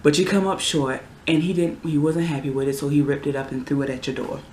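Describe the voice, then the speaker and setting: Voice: medium pitch, level tone, fast talker, darkish tone, slight background noise. A vlogger in their twenties delivering a heated, exasperated rant with sudden outbursts in a casual vlog. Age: 20s. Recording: roomy echo.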